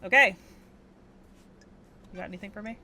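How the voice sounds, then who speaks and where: A woman's voice: medium pitch, moderate pace, sharp tone. Woman streamer, casual muttered commentary, swears often. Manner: muttering to herself, swearing, scattered.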